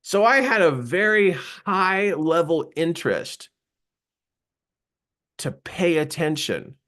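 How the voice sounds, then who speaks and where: Taking his time, a man with a fairly high voice tells a personal story at a live seminar. He delivers it animatedly, with frequent laughter and acted-out quotations.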